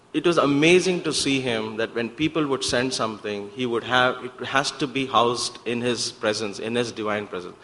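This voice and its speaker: Male speaker, storytelling talk with acted-out quotes, mid pitch, reverberant hall sound. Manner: animated, acts out quoted voices, restarts often. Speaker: speaker at a spiritual center. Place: devotional center hall.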